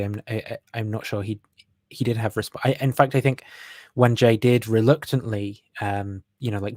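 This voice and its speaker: A man giving an analytical commentary on a debate, measured and a little weary. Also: lowish voice, creaky, a little mellow, dry recording. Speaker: debate reviewer host. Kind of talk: spoken commentary.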